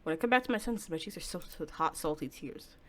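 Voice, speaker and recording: A woman reading a young game heroine's narration and lines aloud, quiet and steady with flashes of defiance. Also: sits low, fast.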